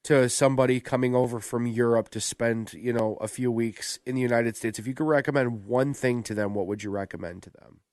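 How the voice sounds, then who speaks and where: A man co-hosting a radio show in casual chat, teasing his partner with quick jabs. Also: mid-range voice, steady tone, darkish tone, no echo, clean studio sound. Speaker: radio co-host. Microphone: studio microphone.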